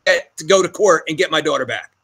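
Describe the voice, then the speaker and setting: A middle-aged man with a high, bright voice speaks as a podcast guest. He is blunt and swears freely, and his voice catches as he tells his story. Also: animated, fast, creaky, breathy edge. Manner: blunt and profane, voice choking up. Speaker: guest, arcade owner. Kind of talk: emotional storytelling in a podcast interview.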